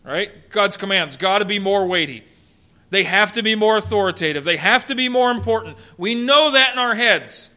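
A man's voice: sits high, animated, normal speed, bright, forceful tone. A male pastor preaching a sermon emphatically, with many rhetorical questions.

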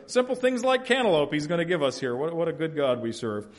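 Animated higher-voiced male preacher. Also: quick pace. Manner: animated, swings from hushed asides to loud emphatic preaching; folksy family anecdotes, laughs at own stories. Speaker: pastor. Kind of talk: expository sermon.

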